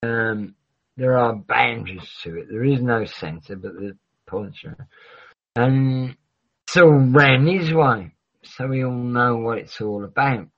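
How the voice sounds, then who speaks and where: A livestream host with a medium-pitched voice chats slowly and casually, rambling, swearing freely and often trailing off mid-sentence. The recording is dull and lo-fi.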